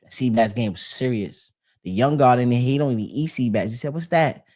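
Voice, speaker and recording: A man's voice: mid-range voice, brisk, darkish tone. A man hosting a podcast in a loose, slangy casual chat, often restarting his sentences. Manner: loose slangy talk with many restarts and fillers. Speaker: podcast host reading live chat.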